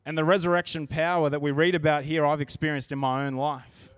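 An earnest man preaching a sermon in a church, his voice sitting a bit high for a man. He talks in a conversational way and restarts his sentences as he goes. The recording is dry and close, with little room sound. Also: little pitch movement, fairly quick, smooth, dry recording.

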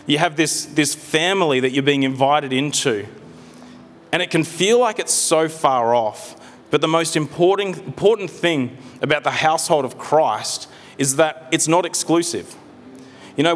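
A man preaching a sermon in a conversational way, with gentle humor and frequent restarts. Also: fairly high pitch. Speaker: pastor. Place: church hall. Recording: long hall reverb.

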